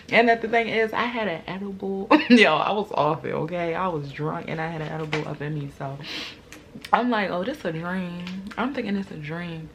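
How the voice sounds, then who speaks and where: Animated young woman telling a story. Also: moderate pace, slight background noise. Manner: animated, acts out quoted lines with big jumps in pitch and loudness; slangy, laughs often mid-story. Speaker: vlogger. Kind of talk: storytime, casual chat to camera.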